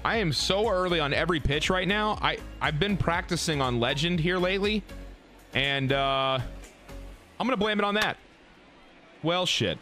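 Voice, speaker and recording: A man giving live gameplay commentary, excitable and full of profane trash talk. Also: fairly high pitch, moderate pace, long pauses, faint music behind. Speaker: gaming YouTuber.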